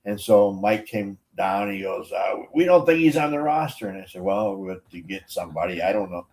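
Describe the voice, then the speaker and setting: An older man, a guest recalling umpiring days in casual chat, halting and often drifting quiet. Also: fairly low pitch, animated. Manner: halting, many restarts and fillers, quiet trailing lines.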